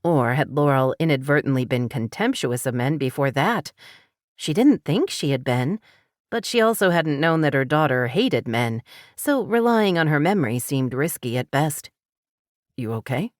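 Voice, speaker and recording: Low-voiced woman narrating a novel. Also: no echo, studio quality. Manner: measured, even storytelling. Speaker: audiobook narrator. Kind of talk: scripted narration.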